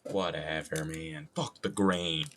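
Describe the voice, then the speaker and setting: A man's voice: rumbling low, fairly even intonation, slow, a bit bright, a little hiss or hum. A young adult man streaming casually while wood carving, joking, rambling and swearing freely at his own expense.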